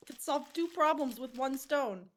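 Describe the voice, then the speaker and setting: Really high-pitched woman cracking puns at a tabletop game. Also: animated, fairly bright tone. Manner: joking, quick asides, laughs at own puns. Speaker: player. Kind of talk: in-character tabletop role-play chat.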